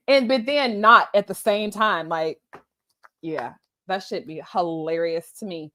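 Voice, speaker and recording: A woman hosting a casual live stream, greeting viewers by name and chatting in an animated way, often laughing. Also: medium pitch, measured pace, no echo.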